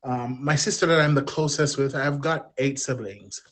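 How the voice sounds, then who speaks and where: A man in his thirties with a relaxed drawl, talking candidly as a podcast guest. He wanders from thought to thought and pokes fun at himself, at an everyday middle pitch. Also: normal speed. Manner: open, self-deprecating, rambling. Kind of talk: candid personal storytelling.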